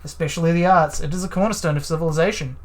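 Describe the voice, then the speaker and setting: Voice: medium pitch, rapid-fire, lightly acted. A let's-play narrator voicing a nervous, evasive, genteel man witness who speaks in fussy, formal, hesitant phrases.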